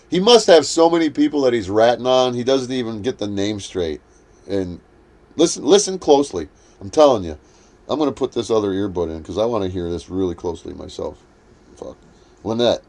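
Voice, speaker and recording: A man's voice: mid-range voice, darkish tone. A man hosting a livestream, ranting in a heated, profane, combative way. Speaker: livestream host. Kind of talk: livestream rant.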